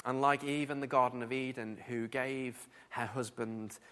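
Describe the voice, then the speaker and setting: A man preaching a sermon, earnest and animated, often repeating words as he builds his point. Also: mid-range voice, moderate pace, clear, resonant tone, big-room sound.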